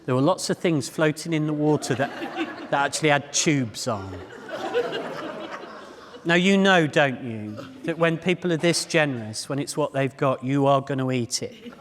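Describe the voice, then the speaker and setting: Man, public speaker, animated self-deprecating storyteller, long hall reverb. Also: fairly high pitch, normal speed, a crowd in the background, noisy background. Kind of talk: humorous storytelling talk. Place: large hall before a live audience.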